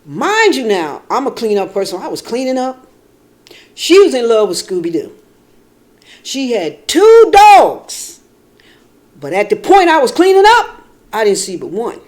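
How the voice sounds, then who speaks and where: A woman vlogging in casual talk, rambling and animated, dropping from quiet and low to loud outbursts, swearing freely. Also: a little slow, long pauses. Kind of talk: casual storytelling.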